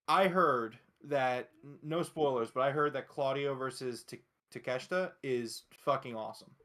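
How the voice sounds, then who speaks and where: A man's voice: on the high side, fairly bright tone. Give me a blunt, opinionated man co-hosting a casual podcast. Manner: blunt, opinionated, reads chat aloud. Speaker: podcast co-host. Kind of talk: casual wrestling podcast chat.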